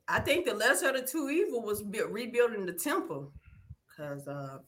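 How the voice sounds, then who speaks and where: Bright, animated guest voice, lots of laughter, lively delivery. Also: medium pitch, normal speed. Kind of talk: casual chat.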